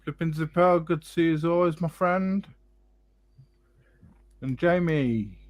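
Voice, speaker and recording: A man hosting a live watch chat, relaxed and jokey, thinking aloud with plenty of fillers. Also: a little high, measured pace, dry recording. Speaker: watch show host.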